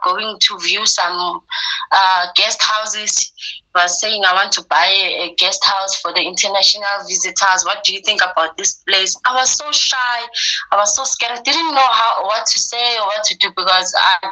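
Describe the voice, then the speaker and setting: A woman's voice: mid-range voice, rough recording. A woman telling a personal story, acting out the things people said to her. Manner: quotes herself and others in a lively retelling.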